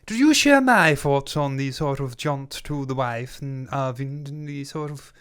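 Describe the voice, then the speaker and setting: A man co-hosting a reaction video, doing a posh English gentleman with a pompous, theatrical drawl. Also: medium pitch, level tone, fast talker, creaky. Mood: grand. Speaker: co-host.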